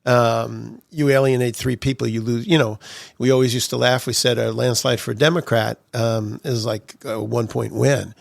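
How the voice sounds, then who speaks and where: A man's voice: medium pitch, fairly even intonation, normal speed, creaky, no echo, studio quality. A man telling political anecdotes as a podcast guest, chuckling through his stories. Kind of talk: storytelling interview.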